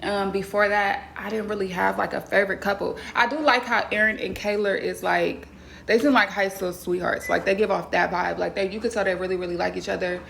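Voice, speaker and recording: Blunt, gravelly-voiced woman vlogger. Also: medium pitch, fairly even intonation, brisk, a bit bright, slight background noise. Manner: blunt, profane, slangy and chatty. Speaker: vlogger reviewing a TV show. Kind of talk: casual recap vlog.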